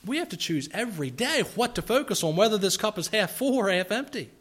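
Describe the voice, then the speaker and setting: A man preaching a sermon, acting out grumbling voices and asking rhetorical questions, swinging from quiet asides to loud outbursts. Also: high voice, lively intonation, quick pace, few pauses, husky.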